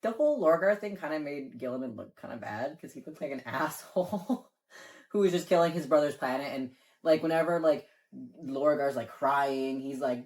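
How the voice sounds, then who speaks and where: A man's voice: on the high side, moderate pace, darkish tone. Rambling man chatting casually. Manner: rambling, leans on filler words; casual swearing. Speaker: co-host. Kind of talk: casual lore chat.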